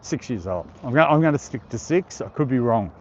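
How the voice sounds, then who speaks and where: A man's voice: mid-range voice, animated, a little fast, dull audio, a little hiss or hum. A middle-aged Australian man hosting a casual live stream outdoors, reading viewer comments aloud and laughing often. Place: outdoor park.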